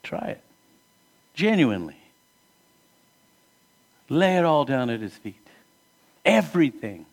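In this sermon the pastor's medium-pitched voice is very animated yet slow, with a creaky quality and long pauses. Earnest and conversational, he asks his congregation questions, rising emphatically and then dropping to a hush.

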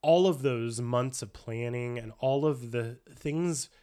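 A man co-hosting a podcast, telling stories in an enthusiastic, animated casual chat. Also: mid-range voice, slow. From United States. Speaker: podcast co-host.

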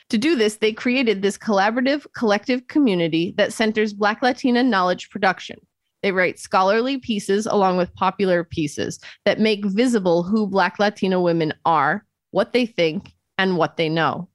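A woman co-hosting an academic podcast, reading a script clearly and at a measured pace. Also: medium pitch, no echo, studio quality. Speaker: podcast co-host, professor.

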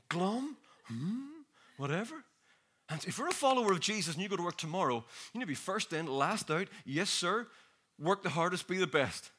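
Laughing jet-lagged preacher. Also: male voice, high-pitched, a little hiss or hum. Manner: jokey, laughing, energetic, talks to the crowd. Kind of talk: lively sermon.

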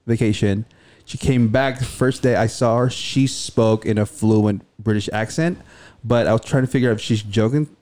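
A man's voice: lowish voice, steady tone, moderate pace, a little mellow. A man co-hosting a podcast, chatting casually and often searching for his words. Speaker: podcast co-host. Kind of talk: casual chat.

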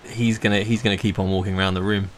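A man in a tabletop role-playing game, halting through his character's actions with false starts. His voice sits on the lower side, and faint noise runs under the recording. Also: flat delivery. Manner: hesitant, with restarts and stammers. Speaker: player.

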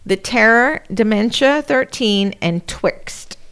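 A woman's voice: on the high side, slow, fairly bright tone, clear, resonant tone. A woman in her forties co-hosting a casual chat podcast, rambling and swearing freely, her voice dried up from allergy medicine. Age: 40s. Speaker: podcast co-host.

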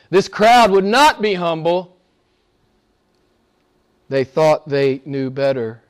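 A man preaching a sermon in a church as pastor, emphatic, asking rhetorical questions and swinging between hushed and forceful delivery. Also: a little high.

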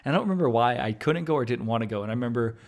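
A young adult man hosting a podcast in casual chat, laughing a lot, swearing freely, and getting loud when he is worked up. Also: medium pitch, animated, racing. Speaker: podcast host.

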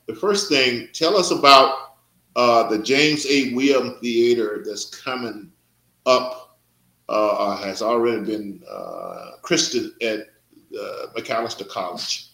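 A man's voice: medium pitch, animated, takes it slowly, creaky, bright, forceful tone, roomy sound, poor audio. An older man hosting a podcast, talking in a rambling, hesitant way with many fillers. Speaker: podcast host. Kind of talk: casual interview.

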